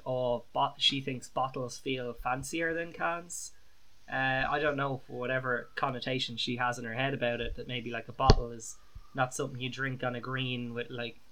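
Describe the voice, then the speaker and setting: A man's voice: medium pitch, sharp tone, rough recording. A man hosting a podcast, chatty and swearing casually. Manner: chatty, swearing, leading questions. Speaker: podcast host. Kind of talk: casual chat.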